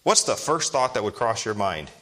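A pastor in his thirties preaches a sermon in a fairly low, sing-song voice at a moderate pace, with a sharp tone. He speaks emphatically, stressing his points and putting rhetorical questions to the congregation.

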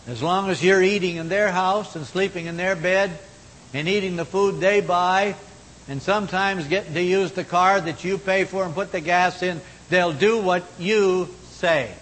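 A man preaching a sermon in a folksy manner, moving between loud exhortation and hushed, low tones. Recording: long hall reverb, faint rumble.

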